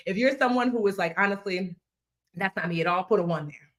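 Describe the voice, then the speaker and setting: A woman's voice: medium pitch, brisk. Playful woman in her 30s teaching a live class, chatty, calls viewers child and baby, slangy asides. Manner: lively, playful, talks straight to viewers, drops into slang and snatches of song. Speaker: financial educator hosting a live workshop.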